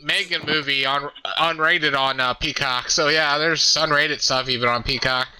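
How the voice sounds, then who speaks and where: A man's voice: on the high side, fairly even intonation, moderate pace, pushed and bright, clear, resonant tone, low-quality recording. A man co-hosting a podcast, chatting casually about wrestling. He laughs often and trails off while he searches for names. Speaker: podcast co-host.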